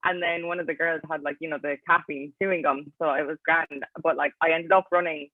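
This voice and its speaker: A woman's voice: low voice, fairly even intonation, a little fast, no echo. A young Irish woman in her twenties, an athlete guest chatting casually in an interview and dropping "like" into nearly every phrase. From Ireland. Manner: chatty, fills talk with "like". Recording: tinny, dry, phone-like line.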